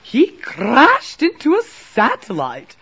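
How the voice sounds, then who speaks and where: High shrill moon queen all in a panic, woman reader putting her on, loud and swooping, storybook read-aloud. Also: wildly swooping pitch, slow, slightly rough, lo-fi sound, full character voice. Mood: distressed.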